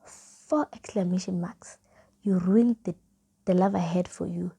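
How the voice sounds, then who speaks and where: A young South African woman with a South African accent, casually telling a storytime vlog and reading old chat messages aloud in a soft, half-whispered way. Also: lowish voice, measured pace, creaky, slightly rough. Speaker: vlogger.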